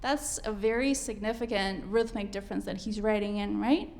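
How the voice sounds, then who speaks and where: A woman's voice: mid-range voice, fairly even intonation, moderate pace, darkish tone. A woman teaching a piano masterclass, coaching a student and singing rhythms aloud as she counts.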